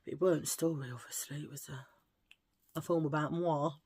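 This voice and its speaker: Chatty woman, slightly low voice. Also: fairly even intonation, brisk, darkish tone, breathy edge. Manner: chatty, jokey, rambling asides. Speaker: beauty vlogger. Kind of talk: casual chat to camera.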